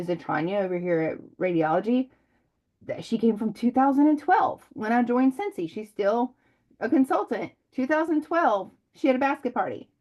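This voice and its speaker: A middle-aged woman leading a direct sales team meeting, talking in a rambling, chatty way with many ums. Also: mid-range voice. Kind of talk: casual team meeting talk.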